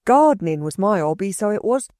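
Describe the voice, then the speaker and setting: A rough burglar, meek and muddled, his slangy working-class talk rambling on, as a woman reader puts him on. The storybook voice sits a little below the reader's own. It is heard dry and close. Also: medium pitch, expressive, brisk, a little mellow, no room sound, natural voice. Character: rough-spoken male London burglar, bewildered, meek.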